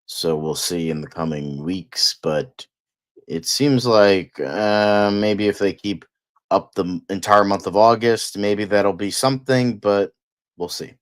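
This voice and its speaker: A man co-hosts a casual chat in a very low voice. He talks haltingly and leans on fillers. His sentences often trail away unfinished. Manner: hesitant, trailing off. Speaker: co-host.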